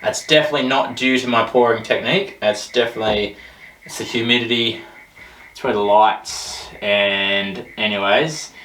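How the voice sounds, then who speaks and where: A man reviews beers in a casual, rambling way and cracks jokes as he goes. His voice sits at an ordinary pitch. The recording is echoey, and he sits a little away from the mic. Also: fairly even intonation, normal speed, a bit bright, recorded from a distance. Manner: chatty, rambling, jokey. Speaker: host of a beer review show. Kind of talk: casual beer tasting review. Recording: roomy echo, voice off-mic.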